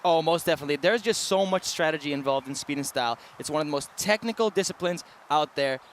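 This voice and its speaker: A man's voice: a little high, fast, slight background noise. A man giving expert co-commentary outdoors at a bike event, emphatic and repeating words for stress. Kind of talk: live sports commentary.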